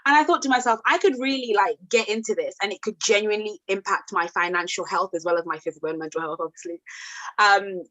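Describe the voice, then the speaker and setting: A British woman hosting a casual discussion, telling her story in an earnest, animated way. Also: medium pitch, poor audio. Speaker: host.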